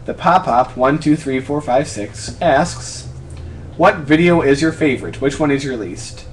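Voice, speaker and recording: A man's voice: fairly high pitch, unhurried, slight background noise. Chatty young man answering fan questions. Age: 20s. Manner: rambling, self-correcting, chatty. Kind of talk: casual vlog Q&A. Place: apartment room.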